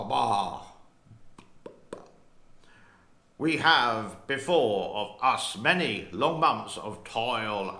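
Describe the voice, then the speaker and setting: A man putting on a gruff older male wartime prime minister, orating slowly and growling between lines. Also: sharp tone, heavily acted. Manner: slow booming oratory with growled "bah"s. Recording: roomy echo.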